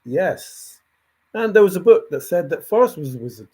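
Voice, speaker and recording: A man's voice: sits high, very animated, normal speed, warm tone, slightly rough. A man hosting a livestream, thinking aloud in a rambling way and answering chat comments as they come in. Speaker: livestream host.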